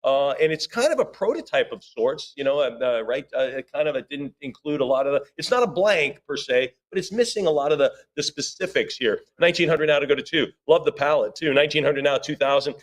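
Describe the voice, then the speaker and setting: A man working as auctioneer, calling bids rapidly in a live auction and breaking off for chatty asides to bidders and staff. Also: a little high, animated. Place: auction room.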